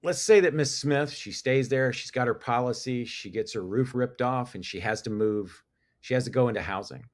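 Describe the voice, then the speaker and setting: A middle-aged man, a business owner talking as a guest in a casual podcast chat, chatty and quick to laugh, often restarting his sentences. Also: mid-range voice. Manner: talkative, restarts, laughs easily.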